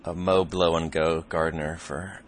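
A man's voice: sits low, flat delivery, normal speed, a little hiss or hum. A man co-hosting a podcast in casual chat, easygoing and drily teasing. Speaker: podcast co-host.

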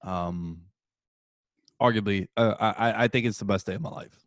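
Animated man, dry close sound. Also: lowish voice, normal speed, no room sound. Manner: animated storytelling, swears and says dude. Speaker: sports podcast host. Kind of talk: casual sports chat.

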